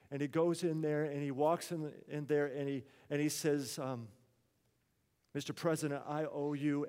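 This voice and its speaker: A man's voice: on the high side, darkish tone, long reverb tail. A man preaching a sermon, telling a story in an earnest, conversational way.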